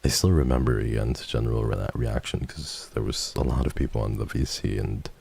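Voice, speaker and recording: A man with a very deep, gravelly voice, chatting casually and a little self-consciously as a streamer on a close desk mic. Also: steady tone, moderate pace, a little mellow. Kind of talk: casual chat.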